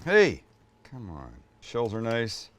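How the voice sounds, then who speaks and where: A man's voice: mid-range voice, huge pitch swings, takes it slowly, background noise. Older guy hosting a cooking show, jokey and rambling, talks you through the recipe. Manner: joking, self-deprecating, rambling asides. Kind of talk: casual cooking demo chat.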